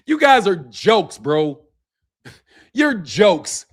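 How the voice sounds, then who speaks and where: A man's voice: sits high, very animated, very slow, long pauses. Heated, mocking man ranting about boxing. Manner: heated, mocking, profane, laughs between lines, repeats "bro". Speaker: boxing channel host. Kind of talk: mocking rant to camera.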